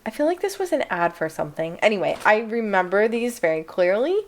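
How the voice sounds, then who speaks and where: A young woman vlogging as she unboxes and reacts, excited and chatty, with "like" in nearly every phrase. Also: mid-range voice, fairly quick. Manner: excited, chatty, full of "like" fillers.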